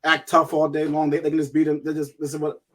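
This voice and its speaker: A man's voice: fairly high pitch, monotone, quick pace, a bit bright. A man hosting an interview, mostly giving short agreements and asking probing follow-up questions. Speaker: interview host. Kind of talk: casual interview.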